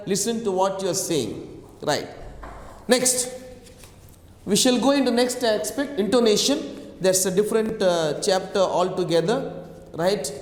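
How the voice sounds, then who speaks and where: A man's voice: high voice, darkish tone. A male teacher giving an English lesson, explaining step by step, repeating words and checking in with "okay" and "right". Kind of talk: online English lecture. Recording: echoey room with long reverb.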